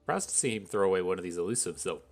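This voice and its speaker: A man giving casual commentary on his own card game as a streamer, thinking out loud in an analytical, wry way. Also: low voice, expressive, rapid-fire, faint music behind.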